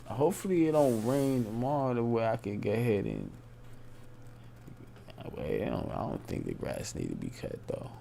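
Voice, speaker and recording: A man's voice: lowish voice, big pitch swings, moderate pace, creaky, mellow, a little hiss or hum. A young man talking casually on a late-night live stream, rambling and repeating himself in loose, informal speech.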